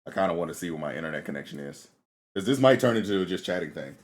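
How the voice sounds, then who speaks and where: Male live streamer, slightly low, very lively pitch, relaxed slangy banter. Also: racing. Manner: laid-back slangy banter, laughs often. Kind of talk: casual live-stream chat while gaming.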